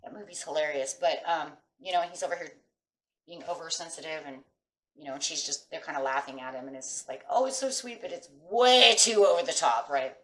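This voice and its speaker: A middle-aged woman reads tarot in a chatty, emphatic style, talking fairly quickly in a low, slightly bright voice. She speaks directly to viewers with frequent "right?" check-ins, her voice off-mic in an echoey room.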